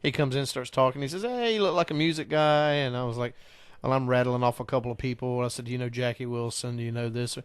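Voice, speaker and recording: A man hosting a casual show, an animated storyteller who rambles. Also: medium pitch, fast talker, clean tone, no room sound. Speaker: podcast host. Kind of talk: casual chat.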